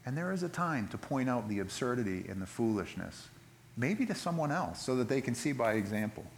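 A man preaching a sermon in a conversational way, retelling scripture with lively asides and frequent restarts. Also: medium pitch, fairly quick, slight background noise. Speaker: pastor.

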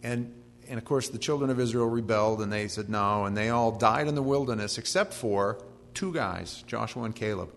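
A man's voice: on the low side, normal speed, creaky. A middle-aged man preaching a verse-by-verse sermon. He reads long lists of names and breaks in with folksy, joking asides. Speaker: pastor. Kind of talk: expository sermon. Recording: long hall reverb with faint hum.

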